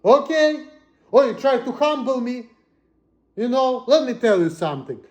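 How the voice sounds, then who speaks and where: A man ranting to the camera in a profane, agitated way, swinging between muttering and shouting. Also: extremely high pitch, sing-song, moderate pace, reverberant, dull audio. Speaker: vlogger. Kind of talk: angry personal rant.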